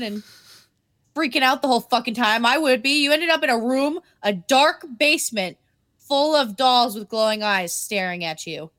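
Animated, swearing woman podcast host. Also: on the high side, moderate pace. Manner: animated storytelling, swears freely, acts out quotes. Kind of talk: casual chat recapping an anime.

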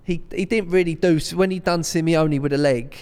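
A young man, co-hosting a casual banter podcast, talking in an animated, slangy way and often restarting his sentences. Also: a little high, fairly quick, smooth. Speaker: podcast co-host. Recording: reverberant room.

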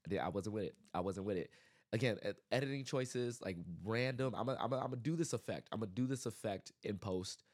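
Man, podcast host, casual movie review, animated exasperated rant, fairly low voice. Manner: animated, exasperated ranting with many restarts.

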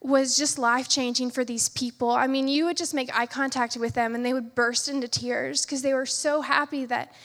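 Young woman, high-pitched, earnest testimony, lots of fillers, long hall reverb. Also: fairly even intonation, moderate pace, hardly any pauses. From United States. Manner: earnest, with many fillers and soft asides. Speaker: medical student sharing a testimony. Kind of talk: church testimony.

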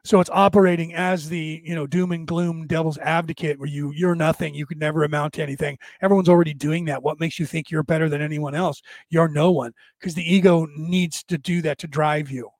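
A man with a fairly high voice hosts a loose spiritual talk, speaking right into a desk microphone. The sound is dry and close, with no room around it. He circles back on his words and sometimes sinks to a near whisper for an aside. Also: steady tone, fairly quick, few pauses, dry recording. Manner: conversational, repeats and restarts, drops to a hush for asides. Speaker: spiritual podcast host. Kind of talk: casual spiritual talk to a live chat.

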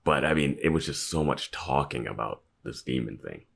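A man's voice: rumbling low, expressive, normal speed, creaky, fairly bright tone, breathy edge. A man co-hosting a podcast, chatting casually about a TV episode and chiming in with his opinions. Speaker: podcast co-host. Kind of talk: casual TV episode recap chat.

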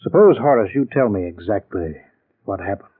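An actor playing a calm, shrewd captain who questions patiently, in 1940s radio acting. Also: male voice, on the low side, moderate pace, slightly rough. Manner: calm, probing. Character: calm, shrewd middle-aged police captain. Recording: tinny old radio recording.

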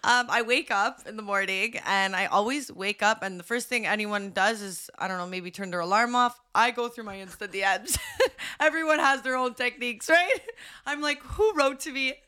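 Giggly, bright-voiced woman podcast host. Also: mid-range voice, moderate pace, clear, resonant tone. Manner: giggly, animated storyteller. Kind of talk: casual chat.

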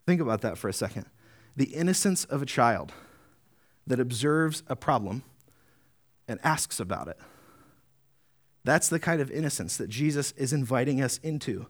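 A man preaching a sermon as pastor, earnest, often adding tag questions, slowing down to read deliberately. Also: medium pitch, expressive. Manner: earnest, rising to emphatic peaks, slowing to deliberate reading.

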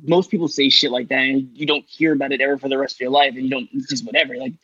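A man's voice: medium pitch, little pitch movement, racing, sharp tone, no room sound, lo-fi sound. A man from Long Island chatting loosely as a podcast guest, rambling with lots of filler and the odd swear word. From Long Island, New York. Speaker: guest, artist. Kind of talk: casual podcast chat.

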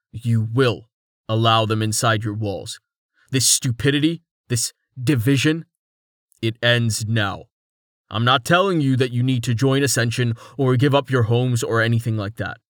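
A man's voice: medium pitch, no room sound, studio quality, close to an everyday voice. A man reading aloud, voicing a firm young male leader who speaks to carry. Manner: firm, commanding.

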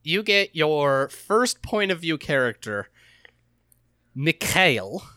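A man co-hosting a casual gaming podcast, talking in an animated, jokey, mocking way. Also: on the high side, takes it slowly, dry recording, clean studio sound. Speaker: podcast co-host.

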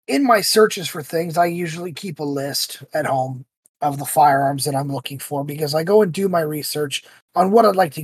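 A man hosting a podcast, telling stories in a casual, animated way and acting out the voices he quotes. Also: on the high side, husky, no echo. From United States. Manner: animated storyteller who acts out quoted voices. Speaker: podcast host.

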